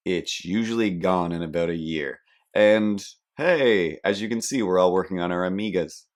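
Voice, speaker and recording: A young man hosting a podcast, telling a rambling, self-deprecating comic story with animated asides. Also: low voice, fairly quick. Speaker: podcast host. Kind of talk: comedic storytelling monologue.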